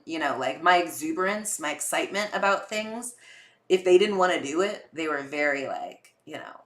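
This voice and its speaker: A woman's voice: low voice, animated, moderate pace, a bit bright, roomy sound. A young woman hosting a podcast, telling candid personal stories in a chatty way, full of fillers and acted-out quotes. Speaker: podcast host. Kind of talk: casual personal storytelling.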